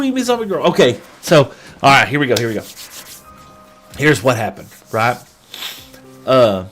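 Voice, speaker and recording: A man streaming a game, chatting with viewers and telling a long anecdote in a casual, animated way. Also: medium pitch. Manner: chatty, animated storyteller who talks to chat. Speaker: gaming livestreamer. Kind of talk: casual chat and storytelling while gaming.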